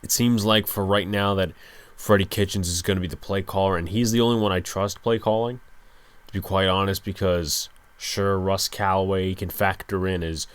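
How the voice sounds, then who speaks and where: Low-voiced man talking quietly late at night. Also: little pitch movement, normal speed, clean tone, dry recording. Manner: resigned, frustrated fan rant. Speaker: podcast host. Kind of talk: solo sports podcast monologue.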